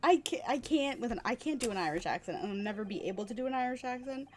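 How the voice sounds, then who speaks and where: A woman's voice: a little high, expressive, quick pace. Chatty woman streamer. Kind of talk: casual chat while reading a game aloud. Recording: faint music behind.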